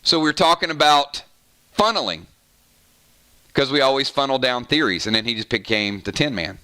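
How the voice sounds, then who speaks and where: A man's voice: mid-range voice, animated, moderate pace, sharp tone, smooth. A man with a Southern American accent, hosting a casual live-stream chat and playfully arguing opinions with viewers. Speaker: gaming channel host.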